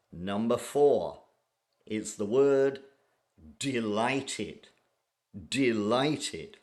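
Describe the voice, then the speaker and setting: A man teaching an English vocabulary lesson, speaking deliberately and repeating each key word for learners. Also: mid-range voice.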